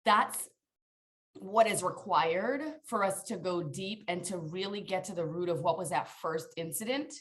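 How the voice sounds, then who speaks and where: A woman's voice: lowish voice, unhurried. A woman guest on a podcast, a coach telling her own story in an earnest, emphatic way and speaking straight to the listeners. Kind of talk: podcast interview, personal storytelling.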